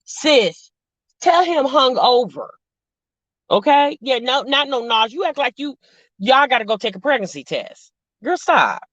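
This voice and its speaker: A woman's voice: high voice, very animated, measured pace, fairly bright tone, no room sound. A woman hosting a casual chat stream, sassy and talkative. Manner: chatty, sassy, addresses viewers as sis and y'all. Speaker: show host reacting to reality TV. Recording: dull lo-fi dry sound.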